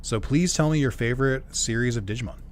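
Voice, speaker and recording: A man's voice: medium pitch, fast talker, slight background noise. A man streaming a video game, chatting casually with viewers in a rambling, jokey way, laughing often and swearing now and then.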